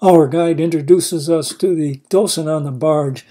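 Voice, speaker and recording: A man giving calm, matter-of-fact scripted narration for a travel video. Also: on the high side, unhurried.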